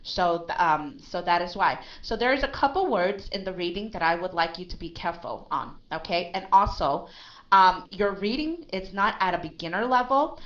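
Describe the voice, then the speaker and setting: A woman's voice: fairly low pitch, animated, moderate pace, fairly bright tone, muffled recording. A woman teaching English one-on-one, emphatic and always checking with "right?". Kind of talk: one-on-one language lesson.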